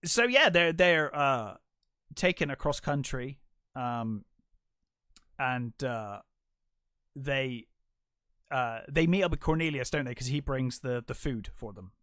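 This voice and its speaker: A man's voice: medium pitch, expressive, takes it slowly, pauses often, sharp tone, smooth, no room sound. Dry-sounding man co-hosting a film podcast. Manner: rambling retelling with fillers and acted quotes. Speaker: podcast co-host. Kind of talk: casual film discussion.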